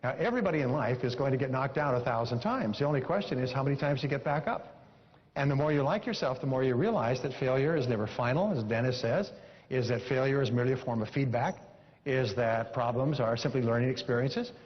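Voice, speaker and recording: A man delivers a motivational seminar talk, speaking emphatically, repeating key phrases and coaching his audience. His voice is mid-range and he talks fast. The recording is dull and lo-fi, with long hall reverb.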